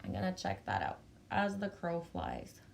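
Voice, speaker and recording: This Canadian woman's lowish, creaky voice swings widely in pitch at a moderate pace, with slight background noise. Hosting a casual livestream in her Canadian accent, she reads chat, greets viewers by name, and chats bubbly with casual swearing.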